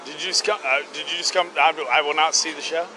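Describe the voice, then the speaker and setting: A man in loud, rambling, crude street chat as a guest on an outdoor podcast. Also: on the high side, fairly even intonation, fast talker. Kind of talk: rowdy casual street chat. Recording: street noise behind.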